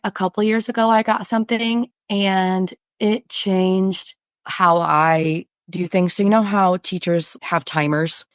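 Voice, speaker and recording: A woman's voice: mid-range voice, fairly even intonation, unhurried, no room sound. A woman who teaches special education, talking earnestly and chattily as a podcast guest and acting out what parents and students say. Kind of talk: casual conversational interview.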